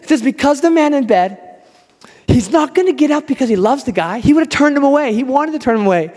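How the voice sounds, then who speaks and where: A man's voice: extremely high pitch, lively intonation, fast talker, darkish tone. A man preaching a sermon in a casual, conversational way, acting out quoted lines as he goes. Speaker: pastor. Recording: long hall reverb.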